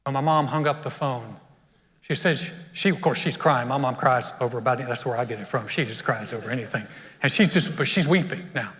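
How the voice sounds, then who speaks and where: A middle-aged male pastor preaches in a church sanctuary, telling a personal story and getting choked up with emotion. His medium-pitched voice is fairly quick and fairly bright, with the long reverb of a church hall around it.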